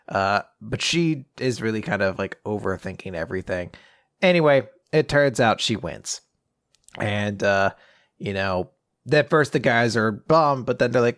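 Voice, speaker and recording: A man's voice: medium pitch, unhurried, fairly bright tone. A man hosting a podcast, casually recapping comics, swearing and jumping into quoted voices. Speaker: podcast host.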